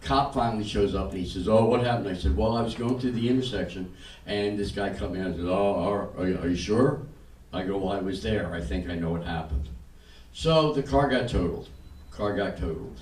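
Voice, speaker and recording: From out in a reverberant club, an older stand-up is heard on stage telling deadpan stories with acted-out quotes. His voice is low and a little fast, and the distant recording includes audience laughter and room noise.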